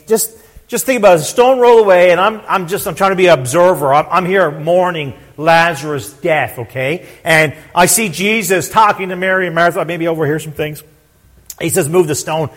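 A man's voice: a little high, normal speed. Emphatic man preaching a sermon. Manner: emphatic preaching, repeating words, swelling to loud declarations. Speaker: pastor.

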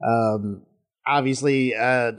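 A man on a podcast recapping a story in a halting way, with lots of fillers and restarts. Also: medium pitch, fairly even intonation. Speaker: podcast guest. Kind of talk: casual podcast chat.

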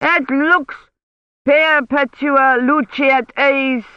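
A reader voicing a delirious, fevered male clerk who bellows a chant in a high, near-screaming voice, heard as a dull, dry recording. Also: fairly even intonation, drawn-out words, no room sound.

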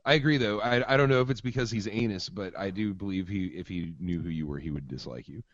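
A man's voice: low-pitched, fast. A male interviewer asking wry, teasing questions in a casual chat. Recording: dull lo-fi audio.

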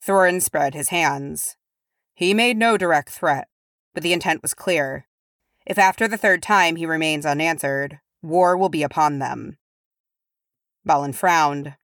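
A woman reading fan fiction aloud with steady, even narration. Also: sits low, measured pace, dry recording, clean studio sound. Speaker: audiobook reader.

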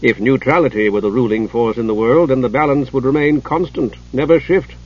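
A man voicing a scheming male god of trade, persuasive and mock-innocent, with a husky voice. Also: medium pitch, a little fast, dull audio, natural voice.

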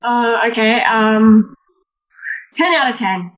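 Higher-voiced hesitant woman, muffled. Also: slow pace, recorded from a distance. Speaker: podcast panelist. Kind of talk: casual podcast chat.

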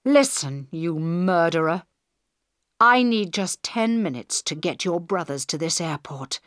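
A tense female prime minister gives orders in a crisis, read by a woman narrator. She speaks loudly and urgently, with a firm, commanding edge. The delivery is unhurried and deliberate. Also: mid-range voice, sing-song, no echo, studio quality, voice pushed up.

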